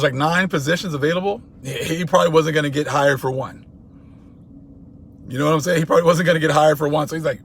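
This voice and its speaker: A man talking in a casual commentary monologue, animated and laughing as he acts out little skits. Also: a little high, a little fast, slight background noise. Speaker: channel host.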